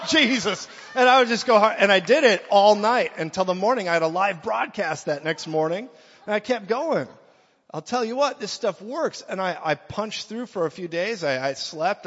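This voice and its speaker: Male preacher, fairly high voice, animated sermon delivery, muffled sound with a long hall echo. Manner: animated, swings from quiet to shouting.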